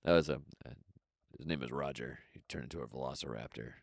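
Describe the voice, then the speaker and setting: Co-hosting a comedy podcast over a video call, a bass-voiced man rambles, jokes and is quick to do voices in casual chat. The audio is studio quality with no room sound.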